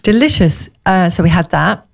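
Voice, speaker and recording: A woman co-hosting a casual chat, telling rambling, animated anecdotes. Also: lowish voice, moderate pace, creaky. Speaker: co-host.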